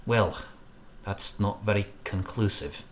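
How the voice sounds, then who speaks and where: Lowish-voiced joking man playing a game. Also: slow, slight background noise. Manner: joking, irreverent. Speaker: game player voicing characters. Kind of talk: let's-play narration with voiced dialogue.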